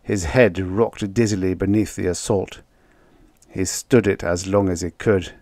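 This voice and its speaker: Slow, low male narrator for a vintage sci-fi audiobook; dry, close sound. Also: fairly even intonation, darkish tone, no echo. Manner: measured storytelling. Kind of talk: scripted narration.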